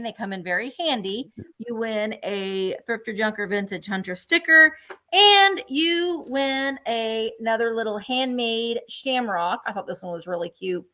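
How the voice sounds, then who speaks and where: A woman runs a live sale stream and presents each item in a chatty, gushing way. Her voice sits a little high and sounds bright and forward. She talks with constant enthusiasm as she shows each piece and calls out the bids.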